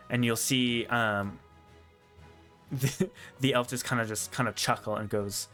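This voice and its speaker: A man narrating as game master in a relaxed, rambling way that keeps circling back on itself. His voice is bright and forceful at a mid pitch, and faint music plays underneath. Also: takes it slowly, pauses often. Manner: relaxed, rambling, full of fillers and laughs.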